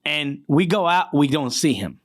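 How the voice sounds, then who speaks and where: A man's voice: a little high, sing-song, normal speed. Laughing man swapping war stories. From Iraq. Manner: laughs through his stories, swears freely. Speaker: guest. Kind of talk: casual war storytelling.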